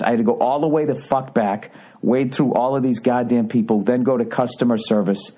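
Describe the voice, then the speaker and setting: A man's voice: medium pitch, fast, warm tone, husky. A man in his forties hosting a podcast, telling a rambling story in a profane, mock-indignant rant. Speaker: podcast host. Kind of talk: casual comedic monologue.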